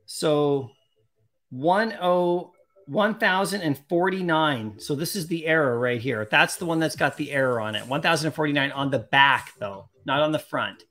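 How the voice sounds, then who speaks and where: A live-stream host opening collectible packs, chatting casually and excitedly with viewers and laughing often. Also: mid-range voice, normal speed. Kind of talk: casual live-stream chat, reading viewer comments aloud.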